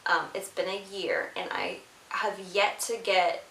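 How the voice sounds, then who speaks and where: A woman's voice: medium pitch, steady tone, a little slow, vocal fry, fairly bright tone. A young woman, a mother vlogging to camera, chatting casually and rambling with fillers, tired from lack of sleep. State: sleep-deprived. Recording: echoey room with faint hiss.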